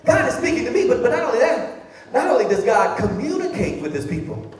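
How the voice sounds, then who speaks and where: A man preaching a sermon as a pastor, shifting between loud exclamations and soft, conversational asides. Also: very high-pitched, wildly swooping pitch, brisk, a little hiss or hum. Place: large church sanctuary. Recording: very echoey hall, voice heard from a distance.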